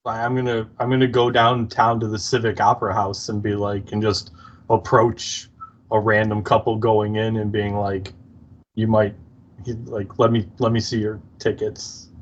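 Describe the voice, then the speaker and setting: A man's voice: lowish voice, flat delivery, normal speed, muffled recording. A podcast co-host man in casual chat, laid-back and joking. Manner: laid-back, jokey asides.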